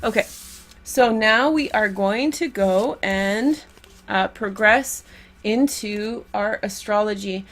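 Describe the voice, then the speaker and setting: Casual female tarot reader with a mid-pitched voice and a chatty, laughing delivery. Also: slow. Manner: chatty, laughs often, trails off and restarts.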